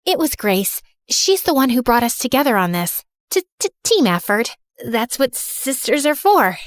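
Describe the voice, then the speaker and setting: A woman voicing a cheerful teenage girl narrating her family story in an animated tale. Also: a little high, normal speed, no room sound, studio quality.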